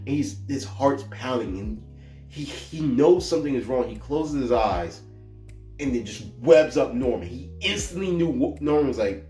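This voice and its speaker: A man in a movie review vlog, excitable, swinging between hyped outbursts and a somber hush. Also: medium pitch, moderate pace, reverberant, soft background music.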